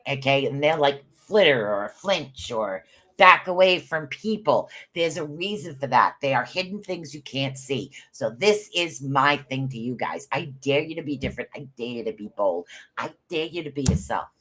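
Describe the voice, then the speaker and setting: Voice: medium pitch, lively intonation, normal speed, bright, forceful tone. A host doing rune readings on a live stream, chatting loosely, rambling, and calling out viewers by name.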